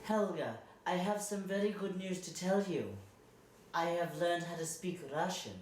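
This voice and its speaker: A man playing a doting elderly British gentleman who talks in a slow, fond, genteel way. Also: sits high, expressive. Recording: echoey room, mic far off, faint hiss.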